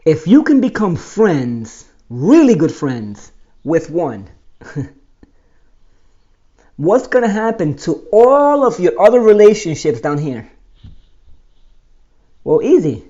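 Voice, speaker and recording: A man casually telling his own life story as host, animated and explaining step by step. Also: high voice, slow pace, long pauses, dull audio. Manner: animated, explains with pointing and numbering.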